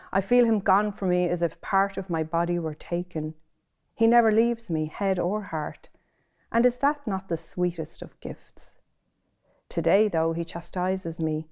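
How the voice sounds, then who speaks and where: Middle-aged Irish author, slightly low voice, lilting reader. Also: female voice, darkish tone. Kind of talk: reading aloud and interview.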